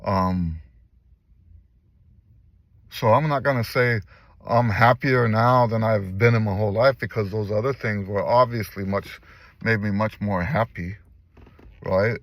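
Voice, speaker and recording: A man's voice: fairly low pitch, measured pace, long pauses, no room sound. An older man, talking in a casual personal vlog and speaking earnestly, repeating phrases for emphasis. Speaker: vlogger and musician. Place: in a car.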